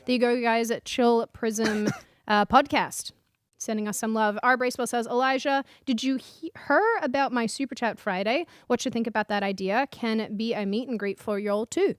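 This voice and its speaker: A young woman with a slightly high voice chats and giggles through a casual podcast, reading viewer comments and ribbing her partner. The sound is close and dry, like a mic right at her mouth. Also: fairly even intonation, normal speed, smooth, dry recording. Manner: teasing, giggly. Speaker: co-host reading viewer messages.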